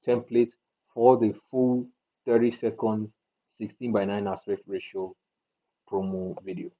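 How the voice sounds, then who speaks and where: A man with a low, gravelly and husky voice talks through an editing tutorial in a relaxed way. He thinks aloud and restarts his sentences as he goes. The sound is thin and tinny, like a phone line. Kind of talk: casual screen-recorded tutorial.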